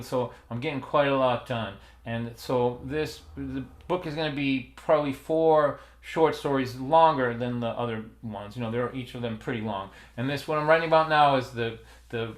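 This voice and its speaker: A man in his sixties with a strong Boston accent, chatting casually and telling stories to a livestream audience, rambling and laughing often at himself. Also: medium pitch. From Massachusetts, USA. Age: 60s. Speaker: folk singer and storyteller hosting a livestream. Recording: roomy echoey sound.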